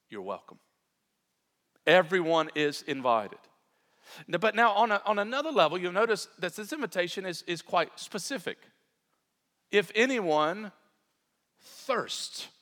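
A male pastor preaches with earnest emphasis, leaning on key words and then easing off into asides for his listeners. His voice sits a little high for a man. The sound has a long reverb tail, as in a large church hall. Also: a bit bright. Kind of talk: sermon.

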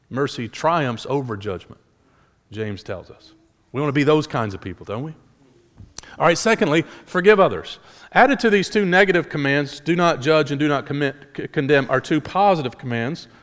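A man's voice: mid-range voice, long reverb tail. A male pastor delivering a sermon in an earnest style, asking rhetorical questions and restarting phrases as he goes.

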